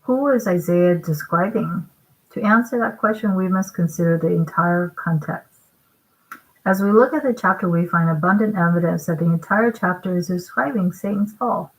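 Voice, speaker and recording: A woman giving a sermon-style scripture commentary, emphatic and deliberate, often checking in with her listeners through rhetorical questions. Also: fairly low pitch, rough recording. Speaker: online preacher.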